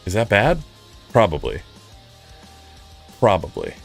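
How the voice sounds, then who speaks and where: A man's voice: fairly low pitch, wildly swooping pitch, takes it slowly, gravelly, slightly rough, soft background music. A man streaming casually, rambling and frustrated, mocking himself as he chats with viewers. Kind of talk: casual live-stream chat.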